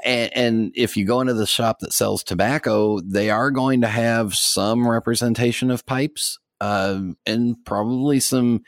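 A man's voice: deep voice, dry recording, studio quality. An American man co-hosting a podcast, chatting casually in a rambling way with many fillers and little chuckles. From United States. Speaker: podcast co-host.

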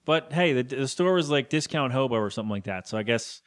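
A man's voice: mid-range voice, expressive, quick pace. Rambling podcast guy acting out scenes. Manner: rambling, acts out characters' lines in put-on voices. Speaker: podcast co-host. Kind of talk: casual chat recapping a TV episode.

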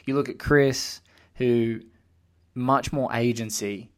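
A man hosting a podcast, chatting casually about a film in an excitable, rambling way and acting out quotes. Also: medium pitch, slow pace. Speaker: podcast host.

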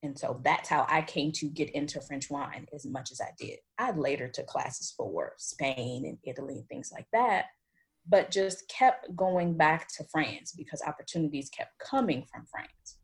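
A woman from the United States answers interview questions as a wine expert. Her voice sits low with a husky, breathy edge. She tells her stories animatedly and drifts into tangents. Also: moderate pace. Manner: animated storyteller, chatty with tangents.

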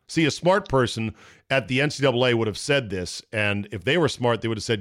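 A man hosting a sports talk show, casual and profane, riffing quickly with his co-host. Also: mid-range voice, fairly bright tone. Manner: brash, profane, rapid riffing.

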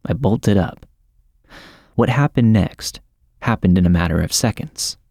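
A man narrating a scripted horror story in a measured, dramatic way. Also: fairly low pitch, animated, creaky, a little mellow, dry recording, clean studio sound. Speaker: podcast narrator.

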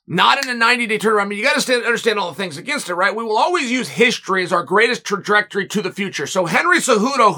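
A man delivers solo commentary with a high, bright, husky voice. He hammers points with repeated rhetorical questions, leaping from loud bursts to quiet mutters. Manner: emphatic, swings between loud punches and low muttering. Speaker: podcast host.

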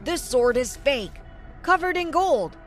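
Woman voicing an angry shouting pawn shop man. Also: high voice, animated, slow, soft background music. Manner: shouting, accusing. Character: angry accusing male pawn shop owner.

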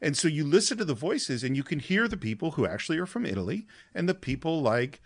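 A man's voice: fairly high pitch, very animated, fast talker. A man co-hosting a film podcast, explaining scenes in a storytelling way. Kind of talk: casual film discussion.

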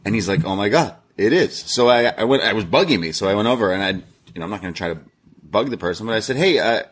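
A man's voice: lowish voice, animated, fast talker, breathy edge. A man co-hosting a podcast, telling a long story in casual chat, swearing often and laughing at himself. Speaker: podcast co-host.

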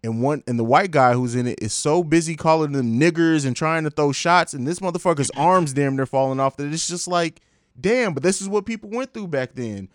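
A man hosts a casual chat show with an animated, laughing delivery. His voice sits a bit high for a man. The sound is dry, with no room in it. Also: no room sound. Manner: animated, laughs often, hypes things up. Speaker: podcast host.

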